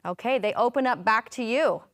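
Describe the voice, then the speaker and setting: A woman's voice: fairly high pitch, fairly quick, no room sound. A woman presenting an interactive parenting workshop, chatting with the audience, asking questions and rephrasing their answers.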